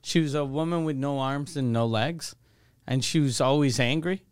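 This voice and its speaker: A man's voice: medium pitch, normal speed, clean tone, no room sound. A man co-hosting a comedy podcast, telling a blunt, darkly humorous story and laughing between lines, close on the mic. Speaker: podcast co-host. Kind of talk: casual comedic chat.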